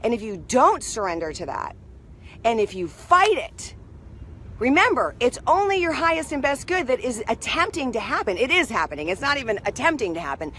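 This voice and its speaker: High-pitched lady doing a casual motivational talk, animated, keeps saying right?. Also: a little fast, slight background noise. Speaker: motivational speaker. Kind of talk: casual spiritual pep talk.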